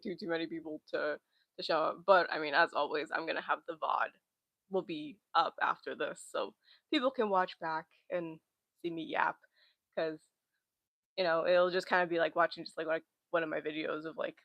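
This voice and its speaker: Gravelly, bright-voiced young woman chatting. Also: deep voice, dry recording. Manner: rambling, chatty, giggly. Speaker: livestream host. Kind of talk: casual livestream chat. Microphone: laptop mic.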